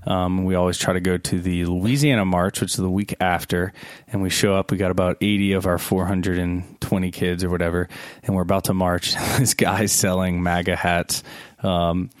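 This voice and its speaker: A man, a priest, hosting a casual podcast chat, animated and laughing often, jumping up high for emphasis. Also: moderate pace, dry recording, clean studio sound. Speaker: podcast host; Catholic priest.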